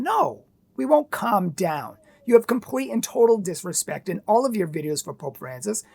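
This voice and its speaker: A woman's voice: mid-range voice, very animated, normal speed, creaky, a little mellow, slightly rough. A woman giving earnest, emphatic opinion commentary, full of rhetorical questions.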